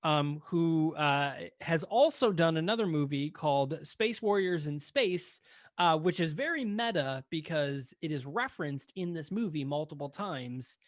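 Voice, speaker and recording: A man's voice: on the high side, animated, measured pace, no room sound, studio quality. A man co-hosting a casual film podcast, rambling and joking with lots of fillers. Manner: rambling, jokey, many fillers. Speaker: podcast co-host.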